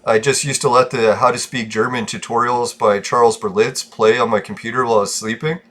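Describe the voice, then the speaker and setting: A man's voice: medium pitch, steady tone, brisk, fairly bright tone. A man hosting a gaming channel, chatting casually and rambling, swearing freely and laughing often.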